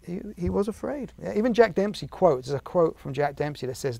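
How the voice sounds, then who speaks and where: A man's voice: high-pitched, lively intonation, a little fast, creaky, warm tone. A man in his forties with an English accent, talking casually as an interview guest, restarting and repeating himself often. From England. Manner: chatty, many restarts and repeats. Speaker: guest actor and writer.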